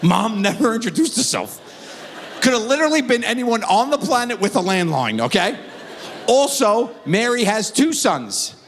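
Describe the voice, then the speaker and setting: A man performing live stand-up on a theatre stage, telling stories with animated energy and acting out characters. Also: high voice, moderate pace, a little hiss or hum. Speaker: stand-up comedian. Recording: live theatre with long reverb.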